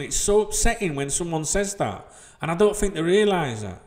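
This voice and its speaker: A man's voice: a little high, big pitch swings, normal speed, a little mellow. A man, a football channel host ranting to camera in a small room with white walls. He talks in a heated, sweary, rambling way and keeps asking "you know what I mean". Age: 40s.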